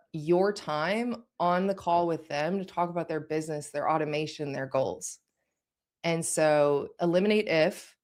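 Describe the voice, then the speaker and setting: A woman with a notably low voice leads a course in an easy, conversational way. She speaks directly and often stops to check that her listeners are following. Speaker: course instructor. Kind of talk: conversational teaching.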